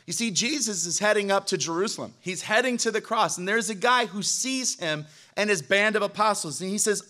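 High, bright-voiced preacher man. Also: a little fast, hardly any pauses. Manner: emphatic, calls for amens from the congregation. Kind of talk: sermon. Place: church sanctuary.

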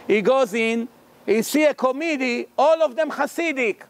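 A man's voice: extremely high pitch, normal speed. A man giving a religious lecture, telling a story and acting out its characters' lines. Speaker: rabbi. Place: lecture hall.

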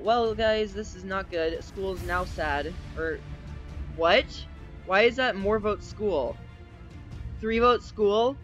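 Young male gaming creator, high-pitched, excitable let's play commentary, faint game music behind. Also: slow pace, lo-fi sound. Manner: excitable, yelps and cheers at game events, rambling asides. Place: at a desk at home.

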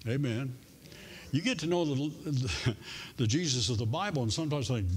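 A man preaching a sermon in a church in a folksy, humorous way, with soft music faintly behind him. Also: mid-range voice, lively intonation, moderate pace. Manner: folksy and humorous, playing out voices in stories. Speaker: pastor. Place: church sanctuary.

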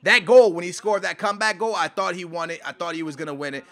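A young man giving live, excitable gameplay commentary, trash-talking and yelling at the game. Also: high voice, fast talker. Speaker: gaming YouTuber.

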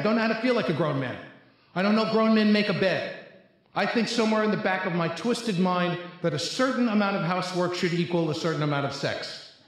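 A middle-aged man with a slightly higher voice tells a funny personal story to a crowd. He acts out each quoted line like a seasoned storyteller. His voice booms through a very echoey large hall. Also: a little hiss or hum. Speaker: speaker at a recovery convention. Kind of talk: humorous personal testimony. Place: large convention hall, live audience.

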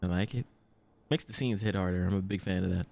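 A man's voice: sits low, fast talker, gravelly. A man hosting an anime reaction, talking in casual slang with frequent laughs and swearing. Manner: excitable, laughs often, heavy slang and swearing.

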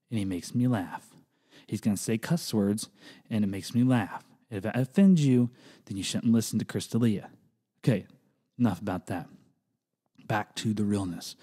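A middle-aged man hosting a comedic solo podcast, talking in an animated way that jumps into high, exaggerated bits and restarts often. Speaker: podcast host.

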